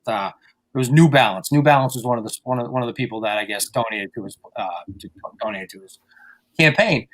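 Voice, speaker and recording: Male podcast host, rapid-fire, crude and ranty. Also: medium pitch. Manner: rambling, profane, ranting. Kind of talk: crude casual chat.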